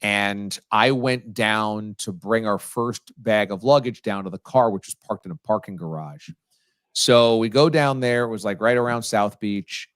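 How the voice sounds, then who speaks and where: A male sports radio host telling stories casually, animated and teasing, with sudden jumps in his voice. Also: fairly low pitch, dry recording, studio quality. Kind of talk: casual storytelling on a sports talk show.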